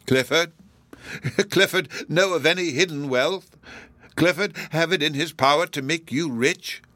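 A man reading aloud, voicing a bitter, incredulous old gentlewoman in a raised, slowed, emphatic voice. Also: medium pitch, animated, no room sound.

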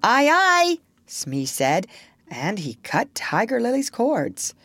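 A woman narrator reading a storybook aloud in a measured, expressive way. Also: on the low side, slightly rough, dry recording.

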